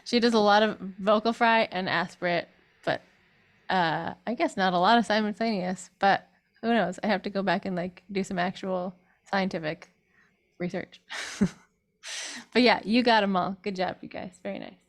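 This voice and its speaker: A woman's voice: mid-range voice, normal speed. A woman vocal coach giving a chatty online group singing lesson, breaking into sung demonstrations.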